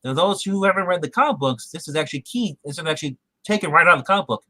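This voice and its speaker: A man's voice: on the high side, animated, very fast, bright, forceful tone, no echo, low-quality recording. A man co-hosting a podcast, giving a casual episode recap and animatedly acting out the characters' quotes. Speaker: podcast co-host.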